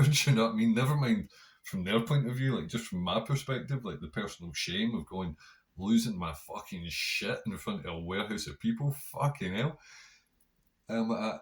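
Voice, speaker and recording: A man's voice: lowish voice, animated, normal speed. A man hosting a podcast, telling a rambling story in a casual monologue, swearing constantly. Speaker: podcast host.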